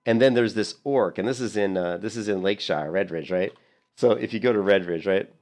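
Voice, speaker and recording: A man's voice: fairly low pitch, brisk. Man rambling through gameplay commentary. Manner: rambling, animated storytelling with frequent restarts. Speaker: streamer.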